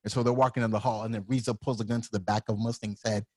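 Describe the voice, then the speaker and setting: Animated young-sounding man retelling a scene. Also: fairly low pitch, racing, no echo, clean studio sound. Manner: animated storyteller, heavy use of "like" and "yo". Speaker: podcast co-host. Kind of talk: casual retelling of anime scenes.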